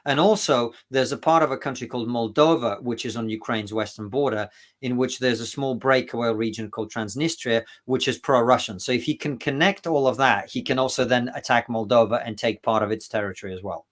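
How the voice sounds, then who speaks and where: Emphatic man, mid-pitched voice. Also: brisk, a bit bright. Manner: emphatic, with frequent restarts. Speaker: guest. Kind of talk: casual interview talk.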